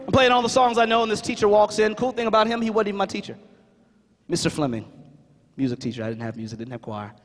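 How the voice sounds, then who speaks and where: A man's voice: high-pitched, quick pace, faint music behind. A man giving a motivational talk, telling a story, acting out the voices and calling on the audience. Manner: animated, acts out dialogue, calls on the audience. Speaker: keynote speaker. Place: large conference hall. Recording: reverberant hall.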